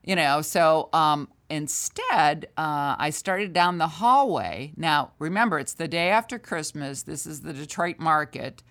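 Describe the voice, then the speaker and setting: Older female sales trainer, low voice, candid and animated storyteller. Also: a little slow, few pauses. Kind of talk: storytelling in a conversational interview.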